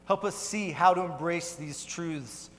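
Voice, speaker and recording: Man, pastor, sermon, earnest, conversational, slightly high voice, long reverb, church. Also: a little slow, a bit bright. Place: church sanctuary.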